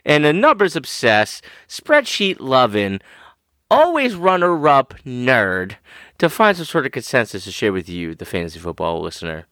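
A man's voice: mid-range voice, big pitch swings, moderate pace, fairly bright tone, no room sound. A man co-hosting a fantasy football podcast, boasting and trash-talking in playful banter. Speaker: podcast co-host.

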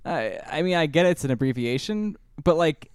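A young man with a bouncy, expressive voice, recorded close and dry. He chats and giggles his way through tangents on a casual podcast. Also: fairly high pitch, clean tone, no room sound. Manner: chatty and giggly, quick to laugh and go off on tangents. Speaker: podcast co-host. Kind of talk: casual comedic chat.

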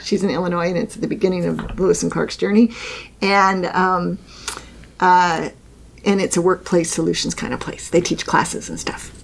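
A woman's voice: fairly low pitch, level tone, normal speed, creaky, a little hiss or hum. A woman co-hosting a podcast, chatting casually, laughing often and restarting her sentences. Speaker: podcast co-host. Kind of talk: casual chat.

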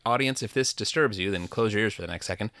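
A man's voice: lowish voice, fast, fairly bright tone, dry recording, studio quality. A man co-hosting a podcast, casually steering the chat with questions. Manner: easygoing, steers the talk with questions. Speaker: podcast co-host.

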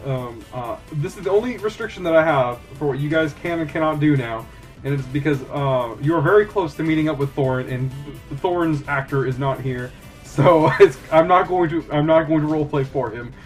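A man's voice: on the high side, normal speed, soft background music. A man narrating as game master of a tabletop role-playing game, rambling with many fillers and frequent laughter.

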